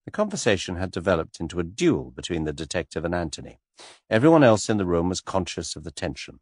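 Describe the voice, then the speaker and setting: A man narrating an audiobook, reading in a lively way and moving between character voices. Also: quick pace, dry recording, studio quality. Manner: lively, shifts pitch and loudness between characters.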